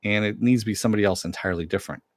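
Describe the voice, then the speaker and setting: A man talks through a TV episode in a loose, chatty recap, tossing in asides and the occasional curse. His voice sits on the low side. The sound is dry and close, with no room around it. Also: very fast, dry recording. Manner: loose and chatty, retells scenes with swearing asides. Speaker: TV show reviewer.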